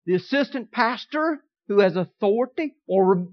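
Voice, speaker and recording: Man, pastor, folksy sermon storyteller with big swings in loudness; dull lo-fi recording. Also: high-pitched, lively intonation, moderate pace, few pauses.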